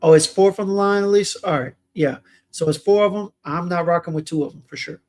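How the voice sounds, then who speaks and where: A man's voice: sits high, fast. A young man hosting a fragrance livestream, chatting casually and reading viewer comments aloud in a laid-back way.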